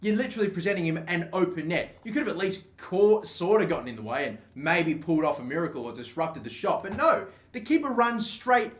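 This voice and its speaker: A young man commentating his own football video game match, swearing constantly and swinging between exasperation and excited yelling. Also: high voice, fairly quick, few pauses. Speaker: gaming channel host. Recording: echoey room with faint background noise.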